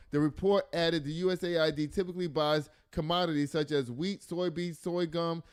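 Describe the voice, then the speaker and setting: Man, podcast host, casual news commentary, fairly high voice, exasperated asides, laughs a lot. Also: smooth. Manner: reads news aloud with frequent exasperated asides; laughs and jokes often.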